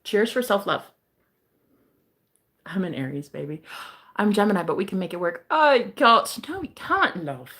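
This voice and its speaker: A woman's voice: mid-range voice, sing-song, moderate pace, long pauses, fairly bright tone. A brash, joking woman chatting casually as a streamer, breaking into laughter often. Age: adult, married eight and a half years. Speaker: psychic streamer. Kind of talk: casual chat.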